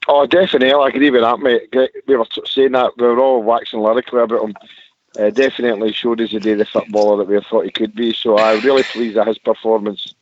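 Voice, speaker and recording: A man's voice: mid-range voice, little pitch movement, quick pace. A man with a Scottish accent calling in to a radio phone-in from a parked car, gushing about the match with lots of superlatives. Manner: enthusiastic, repeats superlatives. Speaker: caller. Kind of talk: casual phone-in chat. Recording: muffled phone line.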